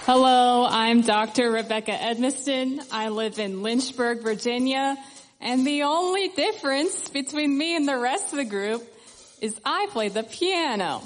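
A woman's voice: on the high side, measured pace, in a large hall, a little hiss or hum. A woman pianist introducing herself on stage with a wry joke.

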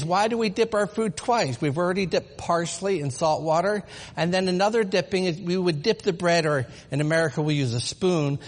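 A man leading a live teaching demonstration before an audience, explaining patiently and asking rhetorical questions. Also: on the high side. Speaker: presenter of a Passover seder demonstration. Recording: long reverb of a large hall.

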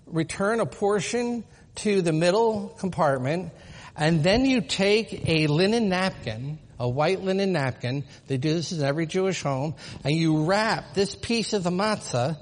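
A man's voice: fairly high pitch, expressive, normal speed, slight background noise. A man leading a live teaching demonstration before an audience, explaining patiently and asking rhetorical questions. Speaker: presenter of a Passover seder demonstration. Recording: long reverb of a large hall.

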